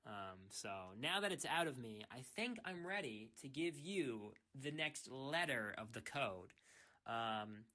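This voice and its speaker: A man's voice: medium pitch, expressive, measured pace, pushed and bright. A young man who streams, ranting casually in a rambling way. He restarts his sentences often and keeps saying "freaking". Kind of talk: casual rant.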